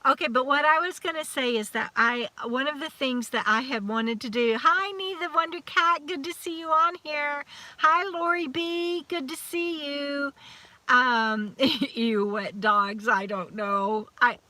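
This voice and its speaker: A woman's voice: sits high, measured pace, sharp tone, no room sound. A middle-aged woman hosting a casual live chat, rambling and restarting her sentences. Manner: chatty, rambling, frequent restarts and laughs.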